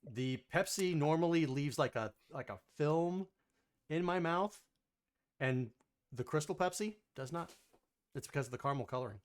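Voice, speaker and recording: A podcast co-host in casual chat, playful and quick to jump in with jokes. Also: mid-range voice. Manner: animated, playful, jumps in with jokes.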